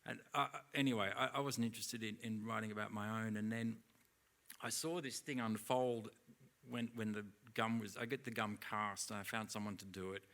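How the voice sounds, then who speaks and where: Gravelly low-voiced man telling stories. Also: fairly even intonation, normal speed, fairly bright tone. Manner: rambling anecdotes full of acted-out dialogue. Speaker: interview guest. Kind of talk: live on-stage storytelling. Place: theatre stage at a live event.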